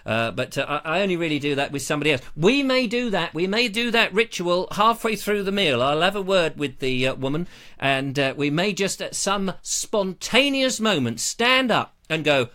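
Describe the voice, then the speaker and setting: A man's voice: sits high, lively intonation, normal speed, bright, forceful tone. A man hosting a casual livestream, jokey and rambling, chatting into a lavalier mic. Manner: jokey, rambling, slips into silly voices. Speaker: livestream host.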